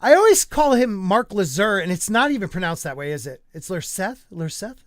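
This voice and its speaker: A man's voice: high-pitched, big pitch swings, a little fast, no room sound, studio quality. A man hosting a livestream podcast, joking around and reading out viewer chat in a rambling, casual way. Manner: jokey, rambling, reads chat aloud. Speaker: podcast host.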